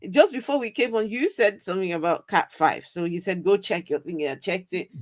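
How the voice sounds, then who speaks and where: A woman co-hosting a live stream, chatting casually with an animated, incredulous manner and frequent laughter. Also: mid-range voice, brisk, dry recording, clean studio sound. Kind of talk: casual chat reacting to a video. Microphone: streaming microphone.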